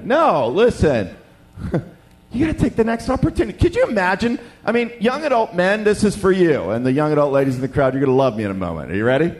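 High-voiced man preaching animatedly. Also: brisk. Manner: animated storytelling, acts out voices. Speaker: pastor. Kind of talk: sermon.

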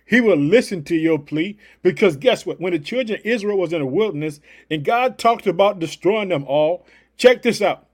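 A man's voice: sits high, expressive, normal speed. A man preaching a devotional podcast sermon, fired up and emphatic, leaning on repeated catchphrases.

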